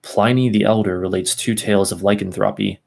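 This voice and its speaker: A man's voice: on the low side, fairly even intonation, a little fast, creaky, darkish tone. A man reading a text aloud at an easy pace, stopping for asides and second tries at hard names. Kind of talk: casual reading and commentary.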